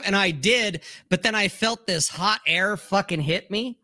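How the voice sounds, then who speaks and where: A man's voice: sits high, lively intonation, normal speed, hardly any pauses, bright, forceful tone, no echo, clean studio sound. A man co-hosting a casual chat show, telling a rambling, profane story. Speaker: co-host.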